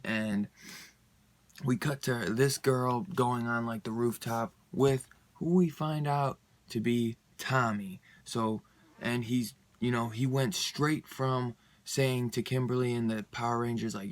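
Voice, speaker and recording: A man's voice: medium pitch, steady tone, unhurried. A young man giving a rambling, casual comic book review, full of fillers and laughing often.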